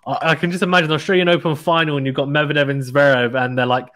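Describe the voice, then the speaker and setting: A man hosting a casual tennis chat with a guest, talking in an animated way and laughing often. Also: on the high side, racing. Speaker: tennis podcast host.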